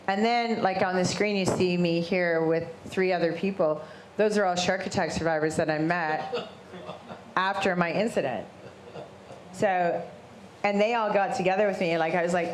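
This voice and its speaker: Middle-aged woman, interview guest, lively storyteller who acts out quoted voices, low voice with faint background noise. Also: measured pace. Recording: roomy echo with faint ambient noise.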